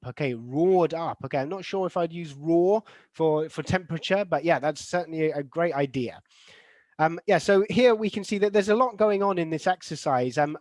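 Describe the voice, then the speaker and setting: A man's voice: on the high side, no echo. A man leading an online lesson for teachers, reading replies from the chat, asking the class questions and saying example sentences aloud to show word stress. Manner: many fillers and restarts, models stress patterns aloud.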